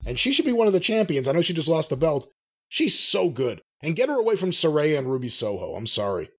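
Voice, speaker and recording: A man's voice: a little high, sing-song, quick pace. A man co-hosting a podcast, chatting frankly and enthusiastically and swearing casually. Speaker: podcast co-host.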